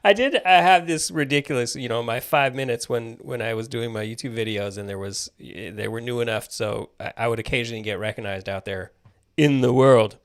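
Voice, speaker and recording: A man co-hosting a podcast in casual chat, animated, often acting out quoted exchanges and laughing. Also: medium pitch, brisk. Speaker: podcast co-host.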